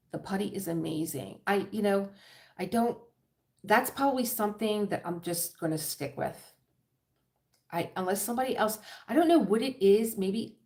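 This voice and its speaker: A middle-aged host with a Philadelphia accent rambles and laughs often while chatting casually on her diamond painting livestream. Her voice is lowish, with vocal fry.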